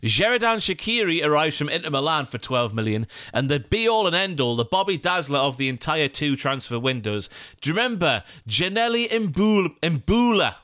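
A man's voice: on the high side, sing-song, normal speed, fairly bright tone, dry recording, clean studio sound. A man co-hosting a casual football podcast, joking and reading out listener mail with playful asides. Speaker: podcast co-host.

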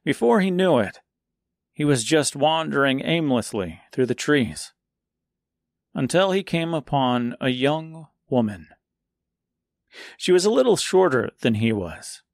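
Man, storyteller, scripted narration, unhurried, gravelly, mid-pitched. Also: sing-song, dry recording, clean studio sound. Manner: slow, measured, gravelly.

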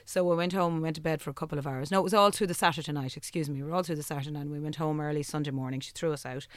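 A woman's voice: low voice, racing, dry recording. An Irish woman in casual conversation, telling a personal story and acting out the dialogue, emotional and close to tears. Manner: animated storyteller who acts out quoted dialogue.

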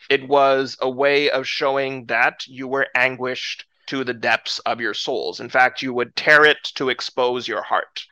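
A man preaching a lively sermon, telling a Bible story with excitement and acting out the characters. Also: medium pitch, smooth, dry recording.

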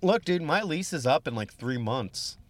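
A man's voice: fairly high pitch, expressive, moderate pace, no echo. A young man from Kansas chatting casually with a friend, laid-back and joking, swearing freely. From Kansas, USA. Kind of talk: casual chat.

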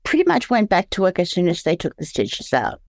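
An Australian woman telling her story candidly as an interview guest, halting and searching for words, often restarting. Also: lowish voice, wildly swooping pitch, a little mellow, no room sound.

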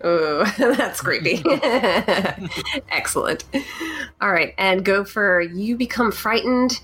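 A woman narrating as game master of a tabletop game, often pausing with fillers as she searches for words. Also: medium pitch, animated, fairly bright tone. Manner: hesitant, many fillers.

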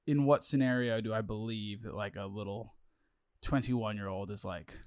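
A man co-hosting a casual podcast chat, relaxed and often hesitant as he talks. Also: fairly low pitch, normal speed, smooth, no echo. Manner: relaxed, hesitant, many fillers and restarts. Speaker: podcast co-host.

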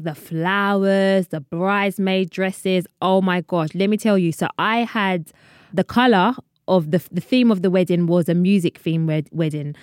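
She's a podcast host from London, in her 30s, whose fairly low, darkish voice carries a casual solo chat full of rambling and laughter at her own asides. The studio-quality recording is dry.

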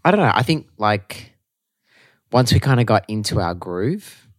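Laid-back deep-voiced Australian man. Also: very animated, no room sound, clean studio sound. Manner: laid-back, halting, many fillers. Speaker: podcast co-host. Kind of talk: casual chat.

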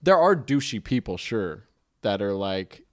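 A man's voice: lowish voice, big pitch swings, unhurried. Rambling, profane man in casual chat.

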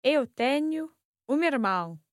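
A woman's voice: sits high, animated, measured pace, no echo, studio quality. A woman with a Scottish accent co-hosting a language podcast as the learner, asking careful follow-up questions. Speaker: learner co-host.

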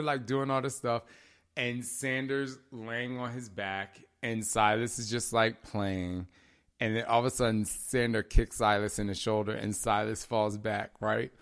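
A man and father chatting casually on a podcast with his husband, telling lively family stories and laughing often. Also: on the low side. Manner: animated storytelling, acts out voices in quotes, laughs often. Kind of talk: casual couple chat.

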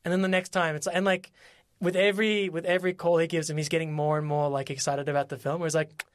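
A podcast co-host, chatting casually and telling stories in an animated way, with plenty of fillers. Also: medium pitch, fast, no room sound. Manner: animated storyteller, lots of fillers and quoted voices. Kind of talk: casual chat.

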